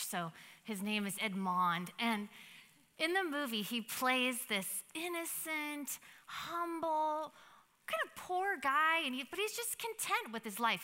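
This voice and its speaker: A young adult woman giving a devotional Bible teaching in a chatty, animated way, with many fillers and restarts. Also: fairly high pitch. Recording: long hall reverb.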